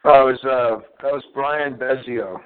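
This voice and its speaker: A man talking on a radio show in a hesitant, halting way with many pauses and fillers. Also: medium pitch, fairly even intonation, clear, resonant tone. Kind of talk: conversational radio chat. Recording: tinny phone line.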